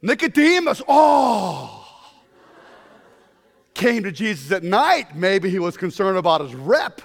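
A man preaching a humorous sermon to a congregation, telling stories in an animated way with bursts of shouting. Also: high voice, slow pace, gravelly, in a large hall. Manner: animated storytelling with comic shouted outbursts. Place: congregation in a room.

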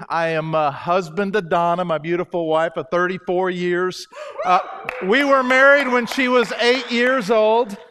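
An older man from Alabama gives a chapel talk. His voice sits fairly high. He keeps it jokey and chatty, drawing the audience in. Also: a bit bright, smooth. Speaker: guest speaker.

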